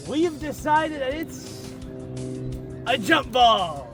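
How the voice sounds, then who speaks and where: A man's voice: very high voice, big pitch swings, very slow, music in the background, voice pushed up, full character voice. A man voicing a hotheaded male soccer player who screeches protests and boasts. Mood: indignant.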